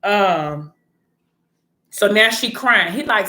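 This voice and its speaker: A woman's voice: medium pitch, slow pace, long pauses. Blunt, chatty woman in an echoey room. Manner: blunt, animated, frequent profanity and slang. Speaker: vlogger recapping a TV series. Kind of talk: casual chat retelling a story.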